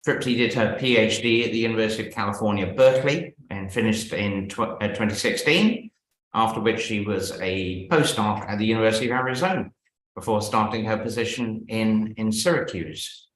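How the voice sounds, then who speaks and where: A man's voice: lowish voice, a little fast, a bit bright, reverberant, rough recording. A man introducing a guest speaker at an online seminar over a video call, formal with small restarts. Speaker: seminar host.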